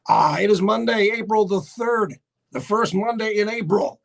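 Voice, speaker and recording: A man with a Newfoundland accent hosting a live radio show, hoarse and raspy from laryngitis, chatting casually and greeting viewers by name. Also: sits high, moderate pace. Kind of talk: casual live-stream chat. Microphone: webcam setup for live video.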